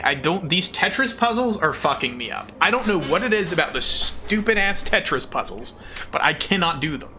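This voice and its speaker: A man's voice: high voice, lively intonation, moderate pace. A man streaming a puzzle game in casual chat, frustrated and self-mocking, who swears often and thanks viewers as he plays. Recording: game stream with music behind.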